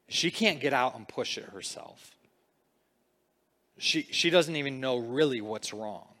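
A middle-aged man, a pastor, telling a personal story in a sermon, conversational and lively, now rising, now dropping to a low hush. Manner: storytelling, conversational, with lively swings in pitch and loudness.

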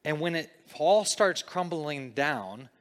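A middle-aged man, a pastor, telling a personal story in a sermon, conversational and lively, now rising, now dropping to a low hush. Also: slow. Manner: storytelling, conversational, with lively swings in pitch and loudness.

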